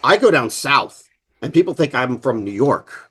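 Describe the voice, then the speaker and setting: A man from Virginia with a Virginia accent, co-hosting a podcast in emphatic, animated casual chat. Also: medium pitch, moderate pace, breathy edge. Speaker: podcast co-host.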